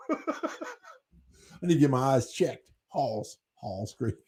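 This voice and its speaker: Slow and expressive, a husky, slightly mellow medium-pitched voice belongs to an American host reading chat on his channel. His livestream is casual and rambling, with easygoing talk to viewers and occasional swearing.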